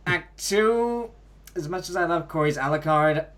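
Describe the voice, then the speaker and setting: A host chatting casually over a call, animated and laughing, with crude asides. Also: mid-range voice, measured pace.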